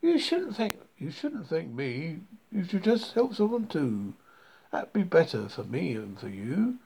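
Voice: mid-range voice, sing-song, a little slow, vocal fry, dark tone, a little hiss or hum. A reader voicing a caring mother mole. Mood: kind.

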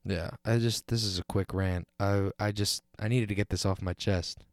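A man's voice: lowish voice, steady tone, moderate pace, no room sound. Frustrated young man ranting, dry sound. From United States. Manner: frustrated, rambling, swears, many restarts. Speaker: podcast host. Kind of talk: solo rant.

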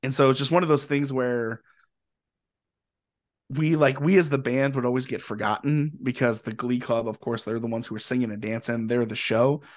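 A young man from Indiana, a podcast guest and musician, telling stories in a rambling, animated way and swearing freely. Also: medium pitch, normal speed. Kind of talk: casual storytelling.

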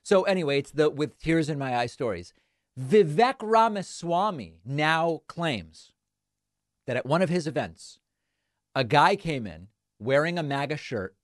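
A man's voice: a little high, expressive, unhurried, no room sound, studio quality. A man hosting a political talk show, incredulous and sarcastic, often restarting his sentences, also reading sponsor ads. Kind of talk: solo political commentary and ad reads.

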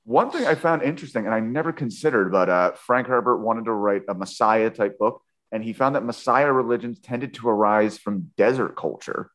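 A man's voice: fairly low pitch, fairly quick, hardly any pauses, a bit bright. A man hosting a podcast, chatting casually about a book with a guest in a rambling, jokey way. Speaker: podcast host. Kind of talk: casual book-club chat.

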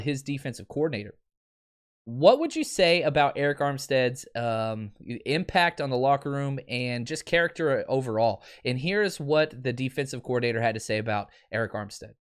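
A man's voice: medium pitch, clean tone. A man hosting a live solo sports podcast, chatting casually and reading viewer comments aloud. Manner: energetic, chatty, frequent fillers. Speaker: podcast host.

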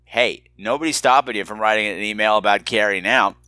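A man's voice: lowish voice, fairly quick, pushed and bright, dry recording, clean studio sound. A man hosting a solo podcast, talking in a campy, flirty, self-mocking way and reading listener emails. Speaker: podcast host. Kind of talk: casual solo podcast chat.

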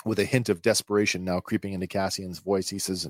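A man with a fairly low voice talks through an episode recap in a relaxed, chatty way. He stops often on filler sounds as he finds his words. The sound is dry and close, with no room echo. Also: quick pace. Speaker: podcast host.

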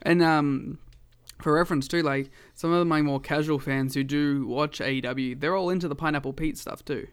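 A man's voice: on the high side, steady tone, normal speed, smooth. A man co-hosting a casual wrestling podcast, rambling with lots of fillers and frequent laughs. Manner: rambling, says "like" a lot, laughs often. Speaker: podcast co-host.

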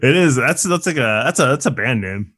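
Man, podcast co-host, wry deadpan asides, rambling, dry close mic. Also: mid-range voice, brisk, husky, no room sound. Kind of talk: casual movie chat.

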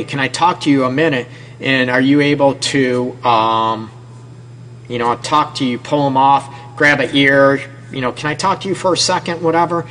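A man's voice: mid-range voice, fairly bright tone, a little hiss or hum, low-quality recording. A man with a Detroit accent hosts a relationship advice radio show, talking casually and straight to the listener, often tagging his points with "okay?". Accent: Detroit, American. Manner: casual, repeats "okay?" as a tag; talks directly to the listener. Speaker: radio show host and counselor.

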